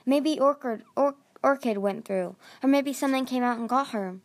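A woman's voice: high-pitched, moderate pace. Woman reader as snappish, determined young female dragon. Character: stubborn sharp-tongued young female dragon.

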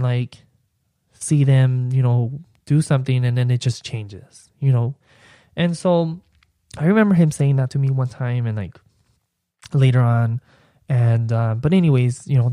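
A young man hosts his own podcast and tells a personal story in a loose, meandering way, with "like" in nearly every phrase. His voice is mellow and warm at a middle pitch, and it is recorded dry and close. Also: dry recording. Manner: rambling, heavy use of "like" as filler. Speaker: podcast host.

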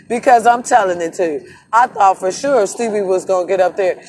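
A woman's voice: medium pitch, normal speed, darkish tone, slight background noise. A woman talking straight to her viewers in a casual vlog, emphatic and emotional, swearing freely and calling them "y'all". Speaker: vlogger.

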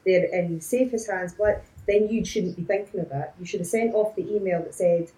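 A woman's voice: medium pitch, moderate pace, roomy sound, low-quality recording. A woman in a casual panel discussion, speaking emphatically. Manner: emphatic, animated when making a point.

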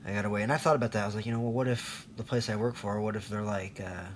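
A man's voice: fairly low pitch, steady tone, rapid-fire, few pauses, background noise. A man in his thirties ranting in a rambling, profane, sarcastic monologue, laughing at himself now and then. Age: 30s. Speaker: vlogger.

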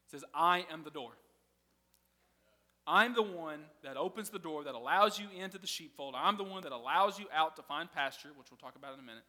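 A man's voice: a little high, expressive, a little fast, pushed and bright, big-room sound. A man preaching a sermon in a casual, conversational way, often laughing as he teaches. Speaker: pastor.

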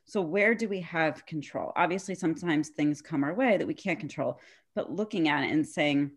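Female therapist guest, notably low voice, earnest and explanatory, lots of "you know". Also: normal speed, breathy edge. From New York area. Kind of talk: casual interview chat.

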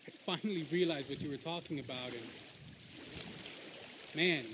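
An impulsive, emotional fisherman disciple, played by a man in a Christian skit. His voice sits a little high and runs loud and heartfelt. A faint hiss of noise lies under it. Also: normal speed, lightly acted. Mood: storytelling. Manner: excitable, loud, emotional storyteller. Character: impulsive male fisherman disciple Peter, adult.

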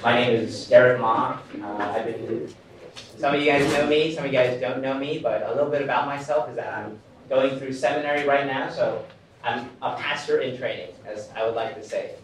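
A man's voice: mid-range voice, normal speed, a little hiss or hum. A young man in seminary giving a casual, self-deprecating sermon to a church gathering, with plenty of fillers. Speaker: pastor in training. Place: church hall. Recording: very echoey hall, distant mic.

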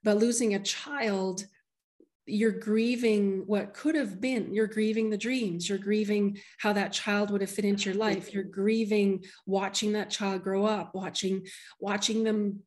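A woman's voice: mid-range voice, steady tone, unhurried, a little mellow. A middle-aged woman, a medium, shares a personal story in an interview. She speaks with heartfelt emotion and keeps restarting her sentences as she goes.

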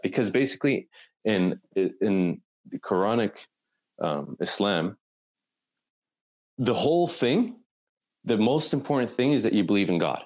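Low-voiced man; loose, rambling conversational storyteller. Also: lively intonation, unhurried, long pauses, a little mellow, low-quality recording. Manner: rambling retelling, full of "like" and "right?". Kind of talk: casual conversation.

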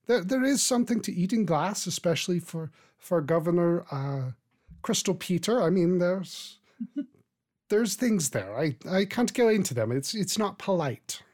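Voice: mid-range voice, expressive, unhurried, darkish tone. A game master voicing a formal, gracious old woman over eighty with a put-on accent that wanders. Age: older. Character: elderly female labor organizer, over eighty, gracious.

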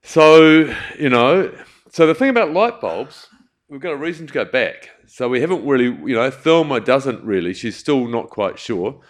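A man's voice: medium pitch, sing-song, moderate pace. A man with a New Zealand accent giving a rambling, chatty talk about community work, full of asides. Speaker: community charity speaker. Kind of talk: storytelling talk to an audience.

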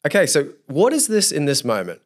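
Here is a young man who tells stories in a lively, expressive way. His pitch leaps up whenever he acts out what he was thinking, and he keeps his listener with him as a podcast guest. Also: brisk. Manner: animated storyteller who acts out his own inner thoughts. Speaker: youth leader and guest. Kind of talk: storytelling in a podcast interview.

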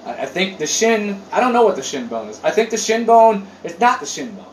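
A high-pitched man talks with a lively, swooping delivery, full of swearing and rambling asides. He is a bit far from the mic in a roomy space. A faint background noise sits under his voice. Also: brisk. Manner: animated, profane, rambling storyteller. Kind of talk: casual chat.

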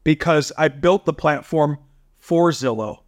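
A man, a startup founder, chatting on a podcast as a guest and telling animated stories with frequent laughs. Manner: animated storyteller, quick jumps in pitch, laughs often. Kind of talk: casual podcast chat.

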